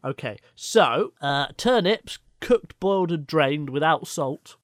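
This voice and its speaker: English man, podcast co-host, playful jokey chat, animated pitch, slightly high voice, dry sound. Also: slow, no echo. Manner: playful, jokey, laughs often. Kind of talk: casual comedic chat.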